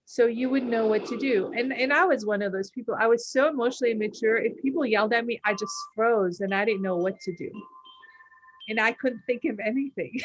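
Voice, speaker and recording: A woman's voice: fairly high pitch, fairly quick, lo-fi sound, a little hiss or hum. A woman podcast host and coach giving an earnest motivational talk, acting out little quoted voices and laughing now and then.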